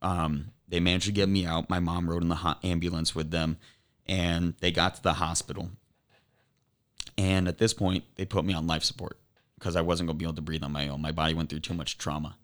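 A very low-voiced young man speaks as a podcast guest, slowly and earnestly recounting a personal ordeal. He halts and restarts his sentences as he goes. His tone is deep and grounded. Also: little pitch movement, a bit bright. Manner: earnest, halting retelling with repeated restarts. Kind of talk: emotional personal storytelling.

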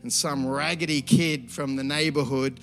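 A man, preaching a sermon that moves from a lively story into earnest prayer. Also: mid-range voice, normal speed, faint music behind. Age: 50s. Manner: animated storytelling, then quiet earnest prayer. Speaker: pastor.

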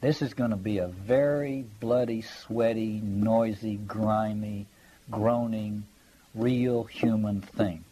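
A man's voice: fairly low pitch, steady tone, slow pace, mellow, slight background noise, low-quality recording. A man giving a conversational Bible study lecture, reading passages aloud and stressing his points while checking in with his listeners. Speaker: Bible teacher.

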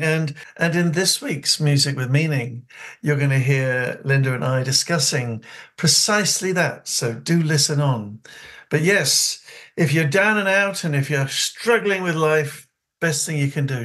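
A man's voice: fairly high pitch, a bit bright. Earnest New Zealand radio host, man.

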